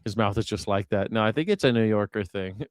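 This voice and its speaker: A man hosting a live reaction stream, riffing and joking in loose, rambling commentary. His voice comes through smooth and crisp, recorded dry and close with no room sound. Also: on the low side, fairly quick, no room sound. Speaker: host.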